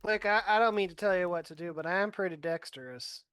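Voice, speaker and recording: Smooth-voiced easygoing tabletop player. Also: medium pitch, quick pace, a bit bright, no echo. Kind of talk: casual tabletop game play.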